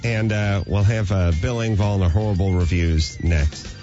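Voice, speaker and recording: A man hosting a talk show, chatting dryly with filler pauses. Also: low voice, fairly even intonation, warm tone, muffled recording, faint music behind. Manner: dry, self-mocking, with filler pauses. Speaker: radio host. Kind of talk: casual chat.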